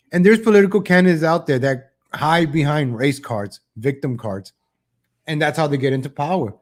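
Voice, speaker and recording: A man hosts a political commentary livestream in a somewhat higher voice. He rambles and makes sarcastic asides, restarting his sentences often. He keeps addressing his viewers as "ladies and gentlemen.". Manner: mocking mimicry of politicians in a higher voice. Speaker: host of a political commentary show.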